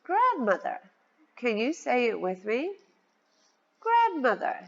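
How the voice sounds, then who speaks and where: Woman teacher for young kids, very slow and lively sing-song delivery, words spelled out; lo-fi, reverberant sound. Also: fairly high pitch. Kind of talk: children's vocabulary lesson. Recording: dull lo-fi sound with long reverb.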